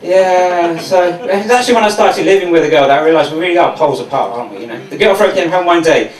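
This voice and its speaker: Profane stand-up comic from Mauritius. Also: male voice, on the high side, expressive, quick pace. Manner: sardonic, profane. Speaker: stand-up comedian. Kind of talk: stand-up routine. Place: comedy venue. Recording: echoey room from a distance.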